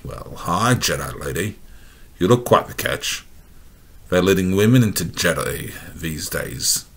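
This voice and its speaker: A man's voice: sits low, very animated, a little slow, breathy edge, exaggerated voice. A man with an Australian accent reading a swaggering, teasing male smuggler in a storybook reading. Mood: cocky. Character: cocky male space smuggler, flirty rogue.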